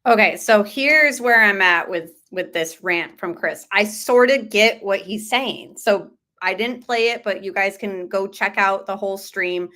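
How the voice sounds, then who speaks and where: A woman's voice: medium pitch, a little slow, few pauses, sharp tone. A woman hosting a true crime channel, talking casually over a replayed call-in show and greeting her live chat. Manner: chatty, reacts to live chat.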